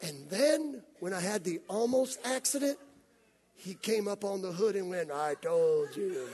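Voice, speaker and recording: A man's voice: sits high, expressive, moderate pace, a little mellow, slight background noise. A man preaching a sermon, telling a story animatedly and acting out the scenes. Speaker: pastor.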